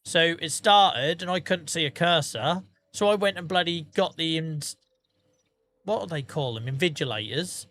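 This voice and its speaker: A man's voice: a little high, moderate pace, a bit bright. A tired man, chatting casually to viewers on a game livestream and telling rambling, sweary stories. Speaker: streamer.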